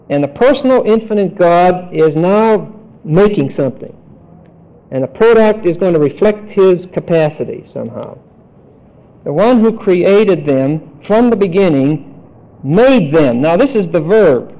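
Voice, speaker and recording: A man teaching a Bible study lecture, deliberate and emphatic, spelling out Greek words. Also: fairly high pitch, warm tone. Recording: dull lo-fi recording.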